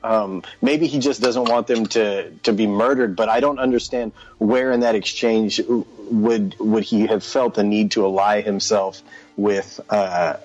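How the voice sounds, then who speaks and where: A man's voice: on the low side, steady tone, a little slow, a little mellow, highs cut off. A man co-hosting a podcast, chatting casually about a book and sharing his opinions. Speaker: podcast co-host. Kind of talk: casual book club chat.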